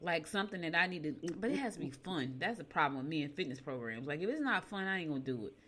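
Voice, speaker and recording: An older woman hosting a show from a home studio, chatting casually and reading horoscopes with lively storytelling asides. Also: deep voice, quick pace. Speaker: radio show host.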